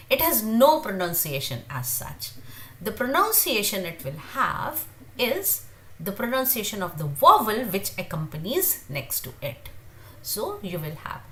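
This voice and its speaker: A woman teaching a beginner pronunciation lesson, repeating each sound slowly many times with frequent hesitations. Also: medium pitch, bright, forceful tone. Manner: halting, with frequent uh fillers. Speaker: language teacher.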